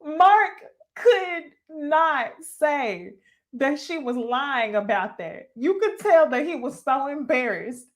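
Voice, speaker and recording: A young woman talks through a reality dating show as if chatting with friends. She sits a touch above the usual pitch, laughs easily and is blunt and profane. She keeps tossing "okay?" and "y'all" at her viewers. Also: expressive, slow. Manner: addresses viewers directly as "y'all". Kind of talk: casual reaction commentary.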